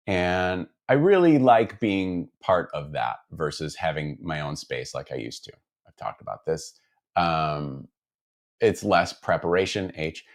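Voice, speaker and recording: Low-voiced man rambling in his workshop. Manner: rambling, self-deprecating, lots of fillers and restarts. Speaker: guitar builder. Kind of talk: casual chat while working. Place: guitar workshop.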